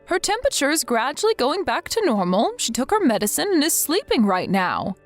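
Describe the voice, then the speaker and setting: A woman's voice: sits high, wildly swooping pitch, a little fast. A woman reading the lines of an overworked young wife and mother who apologizes and pleads for help, in a scripted text-message story. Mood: apologetic. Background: faint background music.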